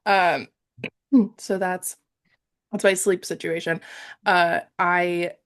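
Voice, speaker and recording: A woman's voice: lowish voice, fairly even intonation, slow pace, fairly bright tone. A young woman co-hosting a podcast, sounding a bit congested, chatting casually and rambling with lots of fillers. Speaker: podcast co-host. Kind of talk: casual chat.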